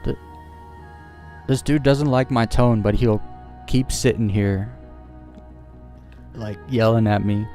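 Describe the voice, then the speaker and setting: A man's voice: fairly low pitch, fairly even intonation, slow, pauses often, dark tone, soft background music. A man streaming a game live, chatting casually and shrugging off criticism with a laugh. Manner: casual and dismissive, laughing things off.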